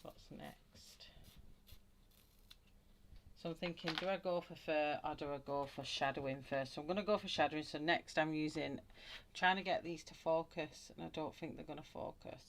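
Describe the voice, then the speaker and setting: A woman from Wigan with a low, everyday voice and a broad northern English accent. She chats casually and rambles while colouring on a live stream, greeting viewers by name between thoughts. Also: fairly even intonation, moderate pace, slight background noise. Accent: Wigan, Lancashire. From England. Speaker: colouring channel host.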